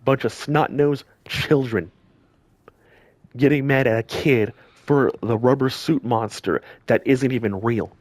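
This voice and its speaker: With a medium-pitched, darkish voice and a slightly slow delivery, this man scolds his viewers in a heated rant. The gaming commentator repeats lines for emphasis, and the recording has no room sound.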